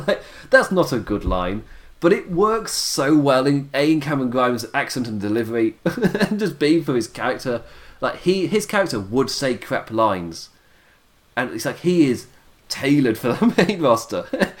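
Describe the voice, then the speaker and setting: Tired, chatty man. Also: mid-range voice. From United Kingdom. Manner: chatty, laughs often, many fillers. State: tired, voice going. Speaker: podcast host reviewing wrestling. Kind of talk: casual chat.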